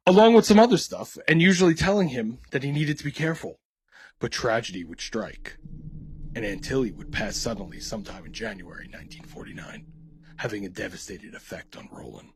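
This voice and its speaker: American man, podcast host, irreverent comedic storyteller; animated delivery, husky voice. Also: medium pitch, brisk. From United States. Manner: irreverent, swears a lot, laughs at his own jokes.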